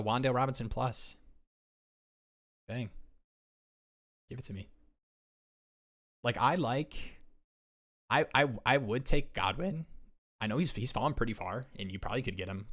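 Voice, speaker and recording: A young man chatting casually on a live stream as he drafts fantasy football, excitable and rambling, often restarting his sentences. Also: mid-range voice, normal speed, pauses often. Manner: excitable, rambling, self-interrupting.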